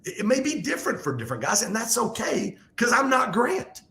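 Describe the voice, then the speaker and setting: A man speaking as a guest in a casual podcast conversation, talking in an animated, fast, motivational way. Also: very high-pitched, creaky. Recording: echoey room.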